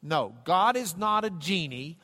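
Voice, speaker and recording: A man's voice: sits high, lively intonation, measured pace, pushed and bright, in a large hall. A man teaching a Bible class in a conversational way, repeating words and adding jokey asides.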